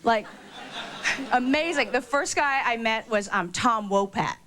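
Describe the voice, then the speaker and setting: A woman doing a stand-up routine on stage, gossipy and quick with asides and fillers. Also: fairly high pitch, fairly bright tone. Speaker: stand-up comedian.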